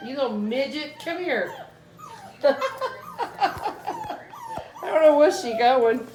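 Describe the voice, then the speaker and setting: A woman's voice: sits high, wildly swooping pitch, very slow, long pauses, echoey room, music in the background. A woman filming her puppies at home, cooing and baby-talking to them and laughing often. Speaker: puppy breeder filming her litter. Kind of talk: casual home video narration. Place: indoors at home with dogs.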